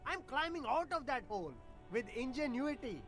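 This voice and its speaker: A high, jumpy, evasive street vendor. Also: very animated, normal speed, fairly bright tone, soft background music, heavily acted. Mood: defensive. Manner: defensive, rambling denials. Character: evasive immigrant street vendor, defensive and boastful. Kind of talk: game voice acting.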